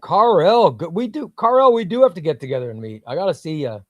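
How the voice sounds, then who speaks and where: Excitable man hosting a comics livestream. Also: on the high side, fast, no echo, lo-fi sound. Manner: enthusiastic, rambling, excitable. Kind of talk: casual livestream chat, reading viewer comments.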